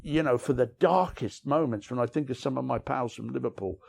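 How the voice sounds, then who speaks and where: This middle-aged author speaks in a gravelly, darkish mid-range voice at a fairly quick clip. In a candid interview outdoors on city streets, he rambles through tales of his past, frank and self-deprecating, peppering them with "you know what I mean."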